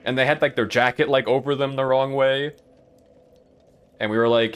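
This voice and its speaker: A man's voice: mid-range voice, fairly even intonation, moderate pace, clean tone. A man streaming a game and telling rambling school stories in a casual way, with a lot of "like" and frequent laughs. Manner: rambling, laughs often, lots of "like". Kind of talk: casual storytelling while gaming.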